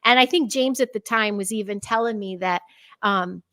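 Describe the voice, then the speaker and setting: Woman, thirties, podcast guest, lively storytelling, acts out her own lines, close dry sound. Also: medium pitch, moderate pace, no echo. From United States. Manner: animated, laughing often, acts out her own quoted lines. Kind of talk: conversational storytelling.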